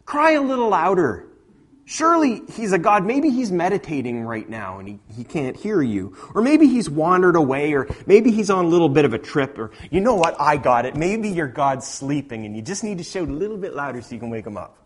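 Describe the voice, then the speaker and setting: A male preacher voicing a bold, defiant male prophet, speaking loud and ringing in a dramatic sermon retelling. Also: mid-range voice, huge pitch swings, moderate pace, few pauses, slightly rough. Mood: mocking.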